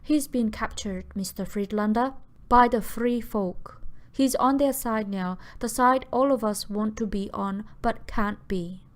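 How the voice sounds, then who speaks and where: A woman voicing a blunt, gruff old neighbor. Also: medium pitch, a little slow, natural voice. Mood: urgent, insistent. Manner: blunt, coarse, insistent. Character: gruff older man, blunt rebel neighbor.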